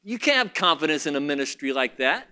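A man's voice: a little high, very animated, fairly quick, bright, forceful tone, smooth. A man preaching a sermon, fervent and repetitive, talking straight to his congregation.

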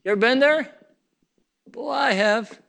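Guy preaching at his church, high voice, bright edge, keeps restarting his words. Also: a little slow, vocal fry. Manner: preaching with rising emphasis and frequent restarts. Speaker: pastor. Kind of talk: sermon.

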